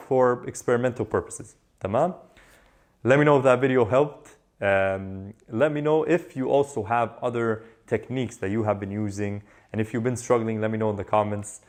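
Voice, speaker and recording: A man teaching an online lesson in a relaxed, conversational way, slowing down to repeat words for students to drill. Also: medium pitch. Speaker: Arabic teacher.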